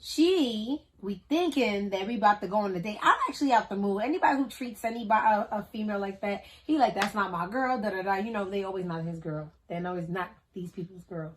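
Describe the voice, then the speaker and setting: A woman in her thirties telling a story to camera in a casual, slangy, animated way, acting out the people she describes. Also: medium pitch, quick pace, hardly any pauses, a little hiss or hum. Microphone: camera on a tripod.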